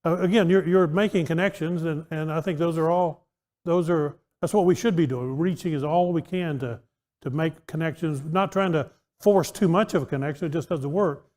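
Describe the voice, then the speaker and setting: This is a man teaching a Bible class in a conversational, interactive way, directing questions at his listeners and often breaking off to restart sentences. His voice leans high and is a little mellow, at normal speed, in an echoey church auditorium.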